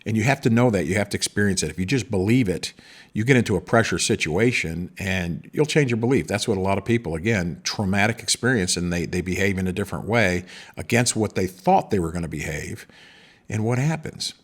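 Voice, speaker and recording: A man's voice: low-pitched, expressive, a little fast. A middle-aged man hosting a podcast, talking in a rambling monologue with many restarts. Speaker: podcast host. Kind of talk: casual monologue.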